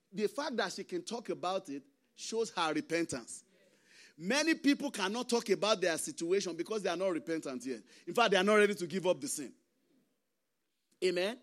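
A man, a pastor preaching a sermon with impassioned swings between loud emphasis and hushed asides. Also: sits high. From Nigeria.

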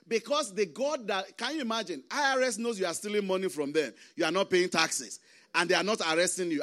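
A Nigerian pastor with a high voice preaches a sermon, swinging passionately between loud emphasis and hushed asides.

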